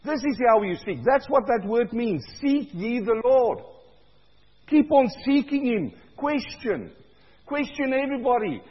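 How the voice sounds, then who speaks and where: A male pastor preaching a sermon, swinging between loud cries and low, quiet stretches, with a husky voice. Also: animated, a little slow, big-room sound, lo-fi sound.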